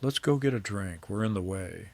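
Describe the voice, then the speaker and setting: A man voicing an anxious young woman who speaks in a hushed, uneasy way. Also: lowish voice, lively intonation, normal speed, creaky.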